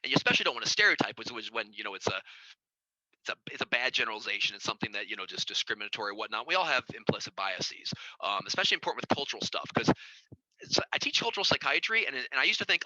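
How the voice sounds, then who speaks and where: A middle-aged man lecturing as a child psychiatrist, talking quickly with a lively, swooping pitch. His voice is bright and forceful, recorded dry and close. He slips into quoted voices as he goes. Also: no echo, rough recording. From United States. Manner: conversational, acts out quoted voices with big pitch jumps. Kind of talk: informal lecture.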